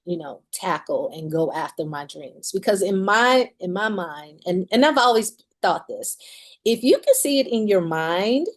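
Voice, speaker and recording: A woman's voice: mid-range voice, lively intonation, unhurried. A woman in her forties, a musician and author, candidly telling a personal story in an interview and laughing often as she talks.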